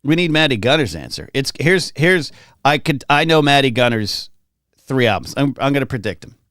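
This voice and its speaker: A man's voice: mid-range voice, big pitch swings, normal speed, fairly bright tone, no room sound, clean studio sound. Chatty man hosting a livestream. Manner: chatty, rambling, reads chat aloud. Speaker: livestream host. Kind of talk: casual livestream chat. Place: home, in California.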